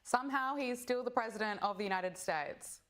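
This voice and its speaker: A woman's voice: fairly high pitch, normal speed, fairly bright tone, a little hiss or hum. A woman hosting a commentary show, reading scripted lead-ins and handing off to clips with a sardonic edge. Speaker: show host.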